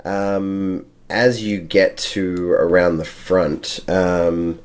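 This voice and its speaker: A very low male voice guiding players through a tabletop game. He hesitates often and fills gaps with ums and uhs while he describes the scene. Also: flat delivery, very slow, clean tone. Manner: hesitant, many fillers. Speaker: game master.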